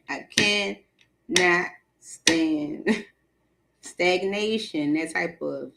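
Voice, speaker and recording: A woman hosting a live tarot stream, chatting casually with viewers, animated and laughing often, with features. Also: lowish voice, very slow, creaky, slight background noise. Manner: animated, laughs often, talks to the chat directly.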